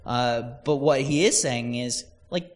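A man preaching in a relaxed, conversational way, slipping into little acted-out voices as he tells a story. His voice sits at an ordinary middle pitch, and long reverb trails each phrase in the church hall. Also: measured pace. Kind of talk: casual sermon.

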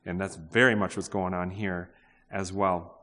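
This pastor's sermon, echoing with a big hall's long reverb, comes in a low, bright, forceful voice, a little slow and flat in delivery. Still conversational, he quizzes the congregation and keeps restarting his sentences.

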